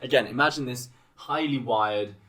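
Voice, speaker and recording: A young British man in a relaxed comedy podcast conversation, mid-pitched and easygoing. He reads posts aloud with a teasing, playful edge, laughing along with his co-host. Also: moderate pace. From Britain. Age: young adult. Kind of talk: casual comedic chat.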